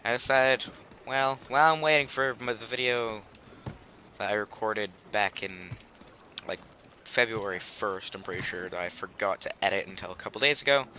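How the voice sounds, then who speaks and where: A man's voice: lowish voice, moderate pace, pushed and bright, slight background noise. A teenage boy casually commentating a video game, rambling, chatty and silly, trailing off mid-sentence. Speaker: gaming channel host. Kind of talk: casual let's play commentary.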